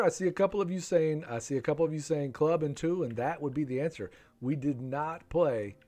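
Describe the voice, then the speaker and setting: A man in his thirties hosting a live game stream, chatting with viewers and reading their names from the chat. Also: mid-range voice.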